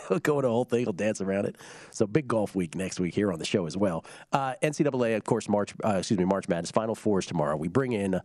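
A man hosting a sports betting radio show in a studio, talking in quick, bantering runs. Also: fairly low pitch, dry recording. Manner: lively, quick banter with laughs. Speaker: host.

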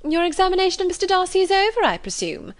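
A woman's voice: extremely high pitch, very animated, fast talker, no room sound, pitched above the performer's own voice. A woman reading the part of a haughty, scheming young society woman in an arch, affected manner. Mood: mocking.

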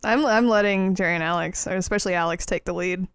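A woman playing in a tabletop role-playing game, talking in an animated, giggly way. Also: on the low side, quick pace, clean tone. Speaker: player. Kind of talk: casual tabletop play.

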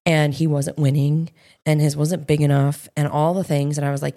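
Low, gravelly-voiced woman podcast host. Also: flat delivery, normal speed, warm tone. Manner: storytelling, rambling with fillers. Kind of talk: casual chat.

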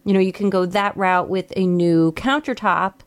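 Woman co-host giving relaxed advice. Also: medium pitch, normal speed. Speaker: radio co-host. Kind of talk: advice on a call-in show.

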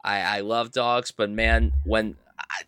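A man's voice: on the low side, steady tone, slow pace, fairly bright tone, smooth, no echo, clean studio sound. A man appearing as a guest on a film podcast, talking casually and enthusiastically, with lots of "you know" and "dude".

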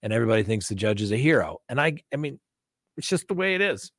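A man's voice: medium pitch, sing-song, fast talker, fairly bright tone, no room sound, studio quality. A middle-aged man, a defense attorney, telling courtroom stories in casual chat and acting out both sides of each exchange. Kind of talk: casual chat answering viewer questions.

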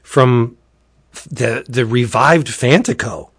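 A man's voice: mid-range voice, takes it slowly, husky, no echo, studio quality. Laid-back man from Pennsylvania. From Pennsylvania, USA. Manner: laid-back, jokey, stumbles over words. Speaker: podcast co-host. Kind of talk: casual chat. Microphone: home recording setup.

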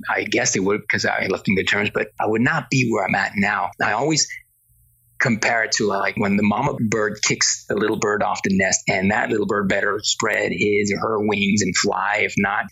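Gravelly earnest man from Spain. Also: lowish voice, sharp tone, dull audio. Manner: earnest, reflective, repeats words when thinking. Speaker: podcast guest, television producer. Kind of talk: casual interview storytelling.

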